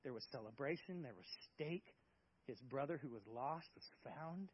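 A man's voice: mid-range voice, expressive, moderate pace, muffled recording, noisy background. A male pastor preaching a sermon in an emphatic, conversational way, with many rhetorical questions.

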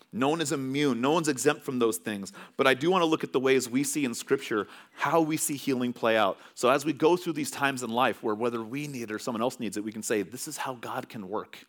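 A male pastor delivering a sermon in a relaxed, story-driven, conversational manner. His pitch moves a lot, climbing and dipping as he talks, in a middle register for a man. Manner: conversational storytelling with animated swings.

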